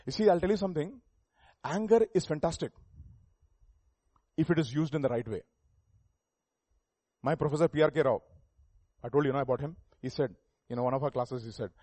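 A man preaching a sermon, emphatic, swinging between loud and soft, asking the listeners rhetorical questions. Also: medium pitch, lively intonation, a little fast, pauses often, dry recording. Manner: emphatic, rising and falling volume, rhetorical questions.

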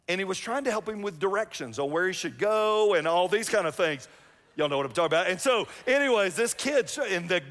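A man's voice: a little high, a bit bright. A middle-aged man, preaching a sermon as pastor in a chatty, self-mocking storytelling way. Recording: long reverb of a church hall.

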